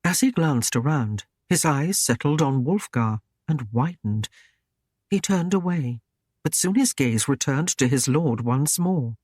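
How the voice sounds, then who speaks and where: A man reads a historical romance audiobook as scripted narration, telling the story in a measured, even way. His voice is medium-pitched, and the studio-quality recording has no room sound.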